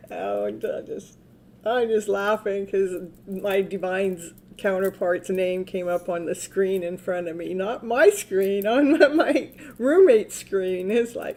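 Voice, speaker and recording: A woman's voice: medium pitch, a little slow, mellow. A woman, a tarot reader hosting a live stream in casual, rambling chat, laughing often.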